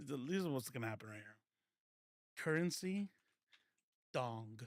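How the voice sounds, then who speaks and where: A man's voice: medium pitch, lively intonation, unhurried. A man hosting a casual political commentary livestream, rambling and self-correcting, laughing often and swearing freely.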